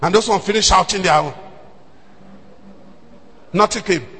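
A Nigerian pastor preaches in a very high, bright and forceful voice with a husky edge. He drops to near whispers and then bursts into shouts as he tells his story. His voice rings out with the long echo of a hall. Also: unhurried. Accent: Nigerian, Yoruba-speaking. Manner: animated storytelling, swings between hushed and shouting. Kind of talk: sermon.

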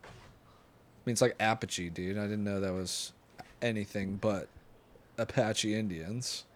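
A man's voice: on the low side, a little slow, a little hiss or hum. A young man co-hosting a casual podcast, chatting and joking while watching a movie. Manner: joking, animated asides. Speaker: podcast co-host.

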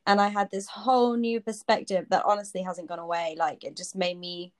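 A woman's voice: fairly low pitch, little pitch movement, brisk. A young woman in casual chat, talking about travel with many fillers and laughs. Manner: chatty, frequent fillers and laughs.

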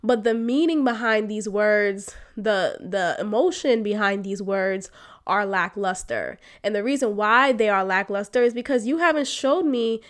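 A woman hosting a podcast, telling a personal story in a frank, emotional way, with slang and sudden loud outbursts. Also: mid-range voice, measured pace. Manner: emotional, animated, swings to loud exclamations; frank, uses slang and swearing. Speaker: podcast host.

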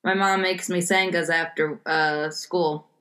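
A woman's voice: on the low side, fairly even intonation, measured pace, fairly bright tone. A woman from the United States in casual chat, quizzing a friend on slang and giving example sentences with a teasing manner. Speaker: quiz giver in a word game.

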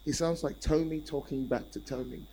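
A male preacher delivers a sermon with a slightly high voice. He repeats key phrases and calls out to his listeners for responses. His delivery swings between soft asides and forceful emphasis. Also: moderate pace, a little hiss or hum, poor audio. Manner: animated, repetitive, calls on the congregation.

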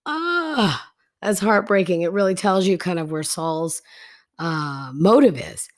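A woman's voice: lowish voice, a little slow. A woman teaching a Bible story in a casual, chatty way, retelling scripture in slangy everyday speech.

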